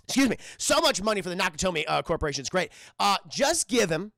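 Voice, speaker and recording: Smarmy coked-up exec, a man putting it on: loud, high, gravelly, chummy and pushy. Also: big pitch swings, no room sound, studio quality, heavily acted. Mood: pleading. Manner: brash, fast-talking, overfriendly. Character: coked-up smarmy male business executive.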